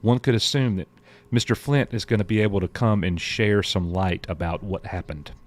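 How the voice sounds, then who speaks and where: A man co-hosts a laid-back live stream, his voice sitting low. He drifts between reading viewer messages and chatting about them in a loose, unhurried way. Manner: reads viewer messages aloud, drawling and chatty. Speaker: show co-host. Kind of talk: casual live-stream chat.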